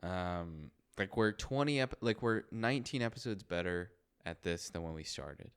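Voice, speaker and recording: A young adult man co-hosting a podcast in casual chat, relaxed and joking, with rambling sentences. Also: low voice, normal speed, clear, resonant tone. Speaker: podcast co-host.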